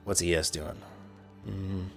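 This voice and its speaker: Brief: easygoing Midwestern man, lower register, joking livestream host. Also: steady tone, slow pace, gravelly, fairly bright tone, soft background music. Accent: neutral Midwestern. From Indianapolis, US Midwest. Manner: chatty, joking with chat, playful asides. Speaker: trading livestreamer. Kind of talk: casual livestream commentary.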